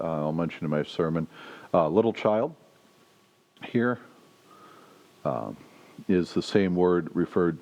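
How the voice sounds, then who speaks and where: A man, a pastor, leading a conversational Bible study, talking in halting phrases with many restarts and raising his voice to act out quotes. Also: mellow. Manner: halting, restarts often, acts out quotes with raised pitch. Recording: dull lo-fi recording.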